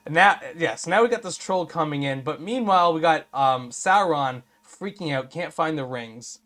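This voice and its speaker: A man co-hosting a casual review chat, animated and exasperated, with lots of fillers and restarts. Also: a little high, normal speed. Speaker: podcast co-host.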